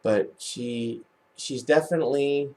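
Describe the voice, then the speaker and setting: A man's voice: medium pitch, slow pace, darkish tone. A man vlogging, telling a personal family story in a casual, rambling way, with many restarts and false starts.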